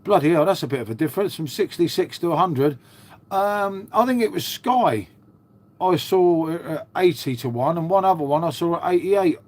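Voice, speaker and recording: This middle-aged livestream host has a slightly high, expressive, somewhat mellow voice and talks at normal speed. Chatting casually, he answers viewers and addresses them as mate. Expect plenty of "mate" and "um" in his matey banter.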